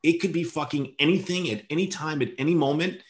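A man's voice: on the high side, fast. A man hosting a casual conversation, blunt and profane, often stammering as he restarts his sentences.

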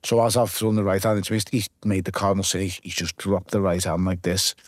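Guest: low-voiced man with a Liverpool accent, vivid swearing storyteller, dry close sound. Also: level tone, fairly quick, no room sound. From Liverpool, England. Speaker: guest, former boxer. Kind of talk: casual podcast interview.

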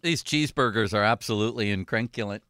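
A man's voice: lowish voice, fast talker, fairly bright tone, dry recording, clean studio sound. A man hosting a sports talk show, chatting casually and giving blunt opinions.

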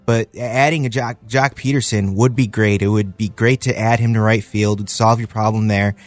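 A man on a sports talk panel, speaking in an upbeat way and pausing to restart his thoughts. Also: lowish voice, steady tone.

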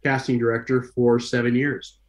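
A man telling stories from his career in a casual, animated way, acting out the voices of the people in his stories. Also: mid-range voice, normal speed, echoey room. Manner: animated, acts out quoted dialogue in different voices. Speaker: guest recalling his career. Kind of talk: casual storytelling.

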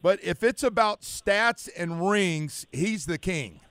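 A man hosts a sports talk radio show from the studio, his voice smooth, clear and a little higher than most. He asks questions in an easy, conversational way, and the sound is dry and close to the mic. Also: fairly bright tone, no room sound. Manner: conversational, quick to agree. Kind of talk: casual radio interview.

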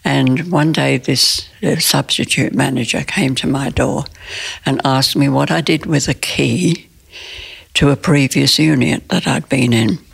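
A woman in her nineties recounting a personal story in an interview, in plain, halting speech with restarts. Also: very deep voice, gravelly, breathy edge. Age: 90s. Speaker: interview guest.

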